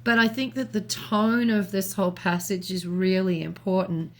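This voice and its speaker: A woman co-hosting a talk show, reasoning aloud in a thoughtful, measured way with small restarts. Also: medium pitch, steady tone. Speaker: podcast co-host. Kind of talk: reflective conversational commentary.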